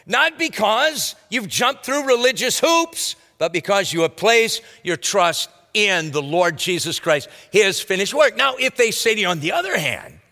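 Pastor guy preaching, bright lively voice, loose and chatty, big reverby hall. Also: sits high, measured pace, hardly any pauses. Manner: conversational, folksy teaching with asides. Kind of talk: expository sermon.

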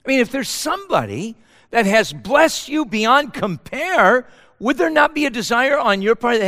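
Male pastor, high-voiced and lively, passionate sermon, long church reverb. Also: normal speed. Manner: impassioned, repeats words, rhetorical questions.

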